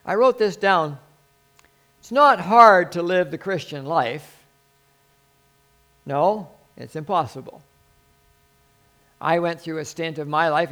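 A male pastor preaching a sermon in an earnest, conversational way, swinging from quiet asides to sudden emphatic lines. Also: on the high side.

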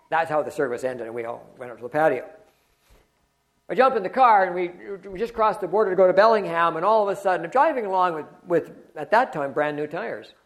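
A man preaching a sermon and telling a personal story, moving between loud exclamations and quiet murmurs. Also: sits high, fairly quick. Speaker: pastor.

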